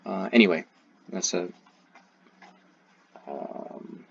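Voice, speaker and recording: A man giving critical commentary in a halting, hesitant way, with frequent restarts. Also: deep voice, vocal fry, fairly bright tone, breathy edge. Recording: dull, muffled recording.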